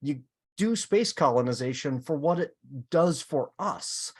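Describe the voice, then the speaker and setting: A man hosting a podcast in casual chat, animated and full of fillers and restarts. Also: fairly high pitch, measured pace. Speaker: podcast host.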